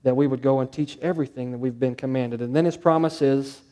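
A man's voice: medium pitch, fairly even intonation, fast, warm tone. A male pastor preaching a sermon, stressing points through repetition and rhetorical questions.

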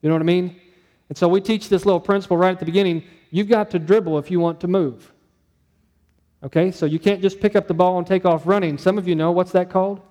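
A male pastor with a high, mellow voice, preaching in a chatty, story-driven way. His words ring out with a long hall reverb behind them, as in a church sanctuary. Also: fairly even intonation, quick pace. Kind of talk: sermon.

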